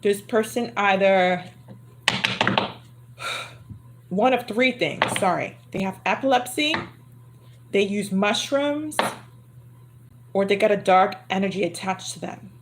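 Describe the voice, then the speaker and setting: A woman with a mid-range voice gives a tarot reading on a livestream, speaking slowly with long pauses over a noisy background where card shuffling is clearly audible. Chatty, she murmurs to herself and repeats her phrases.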